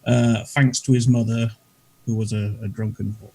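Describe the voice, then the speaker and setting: A man's voice: lowish voice, level tone, moderate pace, gravelly, warm tone, a little hiss or hum, poor audio. A man playing in a tabletop game over a video call, introducing himself offhandedly and correcting himself. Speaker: player. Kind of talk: casual chat.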